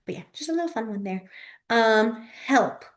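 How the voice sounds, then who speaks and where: A woman's voice: on the high side, animated, normal speed. A young woman, teaching a sign language class in a chatty, informal way that often trails off while she demonstrates. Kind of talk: casual online class teaching.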